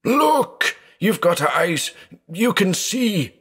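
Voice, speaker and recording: A man's voice: deep voice, animated, measured pace. A man voicing a terrified old blind man who pleads and shrieks in panic. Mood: frantic shrieking.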